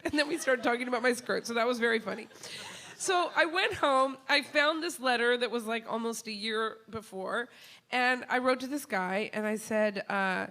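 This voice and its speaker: A woman telling a funny personal story on stage to an audience. She talks in an animated way, laughs often, and acts out the people she quotes. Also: fairly high pitch, normal speed, background noise. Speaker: comedian and show host. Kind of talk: live comic storytelling to an audience.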